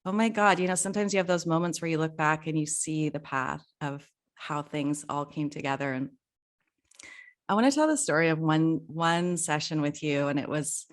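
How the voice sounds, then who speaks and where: Woman, middle-aged, podcast host, casual heartfelt chat, somewhat low voice, laughs often. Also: normal speed. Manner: warm, emotional, laughs often.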